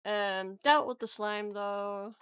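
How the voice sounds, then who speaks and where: Slow, smooth-voiced woman player. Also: mid-range voice, steady tone, fairly bright tone, no echo. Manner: unhurried, searching with ums, giggly. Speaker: player in a tabletop campaign. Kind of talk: casual chat and session recap.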